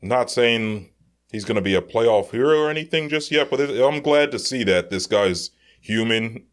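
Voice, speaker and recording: A man co-hosting a casual sports podcast, telling animated stories full of "like" and "dude". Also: mid-range voice, normal speed. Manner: animated storyteller, lots of "like" and "dude". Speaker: podcast co-host.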